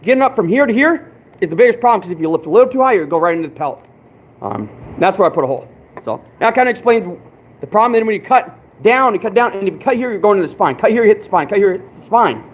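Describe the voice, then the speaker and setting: High, lively man swearing in an echoey room. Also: quick pace. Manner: swears often, talks to viewers as he works; frustrated and self-deprecating. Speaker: fur trapper. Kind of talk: casual live-stream demonstration. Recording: echoey room, mic far off, background noise.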